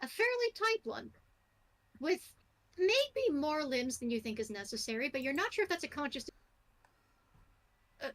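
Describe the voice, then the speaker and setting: A woman's voice: high-pitched, sing-song, moderate pace, long pauses, poor audio. A woman narrating a tabletop game as game master, in a casual, wry way with fillers.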